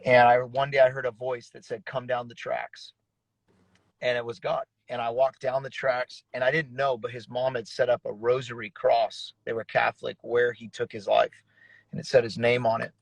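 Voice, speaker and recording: A man's voice: mid-range voice, level tone, a little fast, vocal fry, dry recording, poor audio. A man who is a pastor, sharing an earnest personal testimony in a casual, slangy conversation. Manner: earnest, casual, uses slang like bro and dude.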